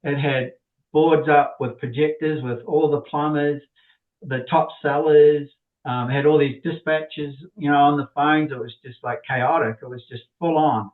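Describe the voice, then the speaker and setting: A man's voice: a little high, fairly even intonation, unhurried, roomy sound. A middle-aged man telling a rambling personal story as an interview guest, repeating words as he goes. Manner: rambling, repeats words, acts out quoted people. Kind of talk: casual anecdotal storytelling. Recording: tinny phone-like line.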